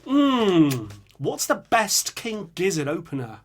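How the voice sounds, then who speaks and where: A man's voice: a little high, expressive, moderate pace, sharp tone, slight background noise. A young man hosting a casual music reaction, humming and singing riffs as he muses aloud over viewer picks.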